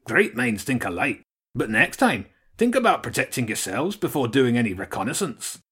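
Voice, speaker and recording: A man's voice: medium pitch, very animated, normal speed, fairly bright tone, slightly rough, full character voice. A man voicing a tough male rat leader who barks orders at the girls in a storybook reading. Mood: commanding. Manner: barking orders, calls girls "lassie".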